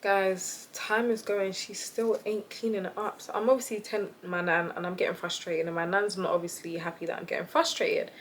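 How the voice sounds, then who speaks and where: A woman's voice: medium pitch, fairly even intonation, fairly quick, few pauses, a little hiss or hum. A young woman talking to camera, telling a story in a chatty, exasperated way and often addressing her viewers. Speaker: vlogger.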